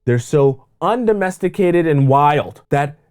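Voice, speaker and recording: A man's voice: a little high, expressive, measured pace, darkish tone, clean tone. A man giving dating advice as a coach, emphatic and repetitive in a preachy way. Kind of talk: advice monologue to camera.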